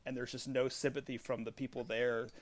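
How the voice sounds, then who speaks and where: Man recounting a scene, laughing. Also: mid-range voice. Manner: laughing, quick excited recounting. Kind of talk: casual chat.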